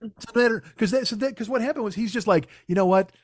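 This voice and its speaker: A man with a very high-pitched, fast, slightly rough voice rants on his podcast in a casual, comic, profane and exasperated way. The sound is clean and studio-quality, with no echo.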